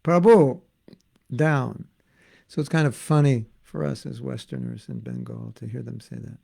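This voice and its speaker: A man's voice: mid-range voice, a little fast, vocal fry, dark tone, breathy edge. An older man giving an informal spiritual class online, joking and reading viewer comments aloud. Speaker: spiritual teacher.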